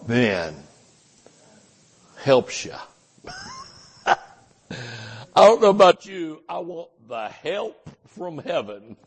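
A man's voice: mid-range voice, a little hiss or hum. An older man preaching a sermon at a Bible study, folksy and chuckling, acting out little voices as he goes. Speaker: pastor. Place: church.

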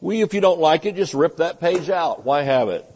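A man's voice: on the high side, animated, moderate pace, a little mellow, slight background noise. A male pastor, preaching a sermon in a folksy, joking way and often saying amen.

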